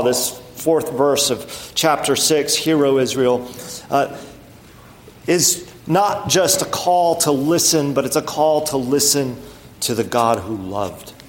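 A man preaching a sermon in an earnest, conversational way, stressing key phrases and then dropping to a quiet, soft tone. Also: medium pitch, slight background noise. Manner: earnest, emphatic, with rising stresses and quiet drops; conversational with fillers and restarts. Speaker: pastor.

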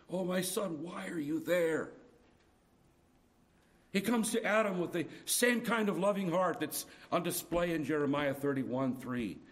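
Middle-aged male preacher, earnest sermon delivery, lively pitch swings from hushed to urgent.

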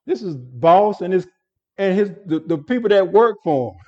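A man's voice: sits high, animated, normal speed, dark tone, highs cut off. A man preaching an expository sermon as pastor, earnest and stumbling over repeated words as he explains a passage.

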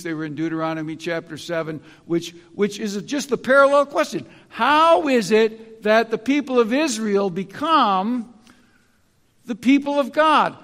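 A man preaching a sermon, deliberate and repeating key phrases for emphasis. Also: very high-pitched, a bit bright. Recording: long reverb of a large hall.

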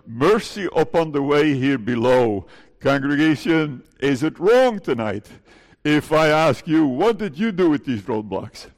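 Gravelly-voiced pastor preaching in a hall. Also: male voice, on the high side, very animated, a little slow. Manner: earnest, pleading, repeatedly addressing the congregation with questions. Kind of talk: sermon. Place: church.

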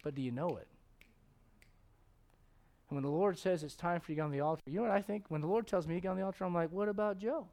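A middle-aged man preaching a sermon as pastor, animated, swinging from loud exclamations to hushed tones and acting out voices in his stories. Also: on the high side, fast, gravelly, pauses often. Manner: acts out voices in his stories, chuckles often.

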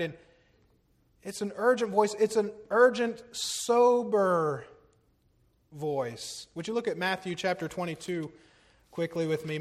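A middle-aged man preaching a sermon, earnest, moving between urgent, louder lines and low, hushed ones, with a touch of self-deprecating humor.

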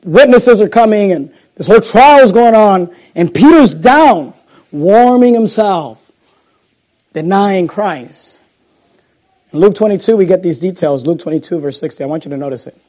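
A male pastor preaching a sermon and reading scripture, moving between loud emphasis and hushed, slowed lines. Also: high-pitched, expressive. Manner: dramatic swings between loud emphasis and hushed, slow delivery.

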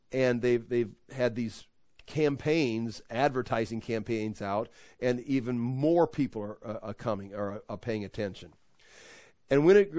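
A man teaching a Bible study in a conversational way, acting out the people in the story with lively voices. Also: medium pitch, no echo. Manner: conversational, acts out quotes with animated voices.

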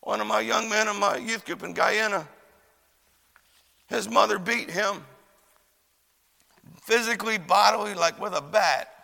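A man preaching a chapel sermon as a storyteller, dropping to hushed asides and rising to shouts. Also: high-pitched, unhurried, creaky, long pauses. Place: church chapel. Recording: long church hall reverb.

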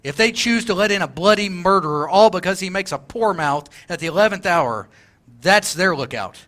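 A preacher putting on a rough-spoken, self-righteous poor man, high and bright-toned, blustering as he demands his rights. He bristles with indignation, loud and stubborn. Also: animated, normal speed. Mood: indignant.

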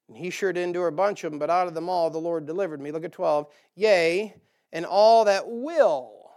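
A man's voice: sits high, darkish tone. A man preaching a sermon to a church, folksy and joking, rising to emphatic bursts. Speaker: pastor. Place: church sanctuary.

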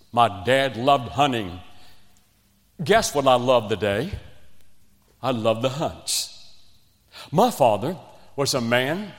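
Fervent male pastor from West Virginia, unhurried delivery, long church reverb. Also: mid-range voice. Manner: fervent preaching, rising to emphatic peaks; addresses the congregation directly. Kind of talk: sermon. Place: church sanctuary. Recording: echoey church hall reverb.

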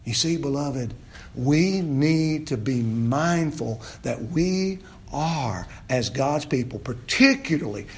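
A pastor preaches an expository sermon, putting questions to the congregation and repeating phrases as he builds to loud, emphatic peaks. His voice is a little high with lively intonation, and he speaks slowly.

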